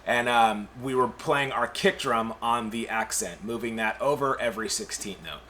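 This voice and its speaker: A man's voice: medium pitch, sharp tone, a little hiss or hum. A man teaching a recorded drum lesson in an upbeat way, walking students through each exercise. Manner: upbeat, repeats "we're gonna jump into".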